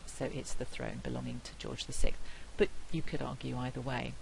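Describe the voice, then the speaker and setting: Low-voiced woman lecturing on phonetics. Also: sing-song, slight background noise, poor audio. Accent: non-rhotic British English. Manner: clear, deliberate, demonstrates sounds slowly. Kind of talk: university lecture.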